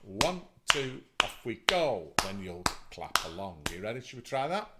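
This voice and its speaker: A man's voice: lowish voice, sing-song, normal speed, heavy background noise. A man teaching an online music lesson to children, upbeat and encouraging as he counts them in. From England.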